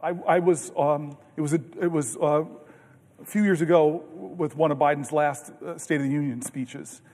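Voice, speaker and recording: A senator with a notably high voice gives a long, unscripted floor speech at a moderate pace, earnest and animated, tripping over restarts while telling his stories. A podium mic captures him amid the long reverb of a large legislative chamber.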